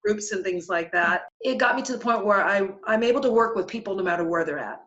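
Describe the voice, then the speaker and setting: A middle-aged woman telling her own spiritual experience as a podcast guest, earnest and halting, with many restarts. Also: mid-range voice, a bit bright, lo-fi sound. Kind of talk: emotional personal storytelling.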